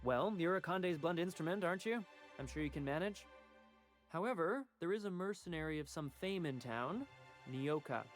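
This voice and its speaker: A man's voice: a little high, lively intonation, moderate pace, faint music behind, natural voice. An actor voicing a polite, formal and dryly ironic male informant in a video game. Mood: courteous. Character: refined, discreet male town informant.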